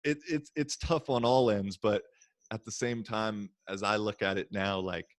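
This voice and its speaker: An American man hosting a podcast, relaxed and rambling with many fillers in casual chat. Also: fairly low pitch, normal speed, no room sound, clean studio sound. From United States. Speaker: podcast host.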